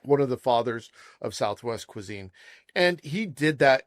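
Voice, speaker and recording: A man hosts a casual chef podcast in a mid-range voice, telling animated stories and laughing often. The recording is dry and close. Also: medium pitch, measured pace, no room sound.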